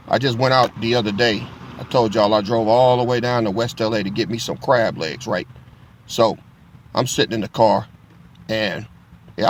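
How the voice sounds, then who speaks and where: A man's voice: fairly low pitch, slight background noise. A middle-aged man teaching from the Bible in a casual, profane storytelling style, laughing as he goes.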